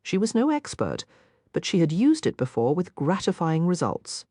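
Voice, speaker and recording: A woman narrating a romance audiobook in an expressive, scripted reading. Her voice is low, yet it rises and falls in an animated way. The recording is close and dry, with no sound of the room. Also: normal speed, no echo.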